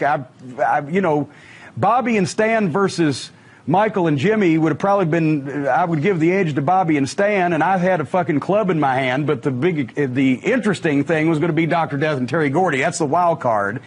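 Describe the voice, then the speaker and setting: A middle-aged man spins a profane, animated wrestling yarn, his voice pitched high. He has a husky, breathy edge. He acts out every quote as he goes. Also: moderate pace. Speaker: wrestling manager telling stories. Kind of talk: casual storytelling on a podcast.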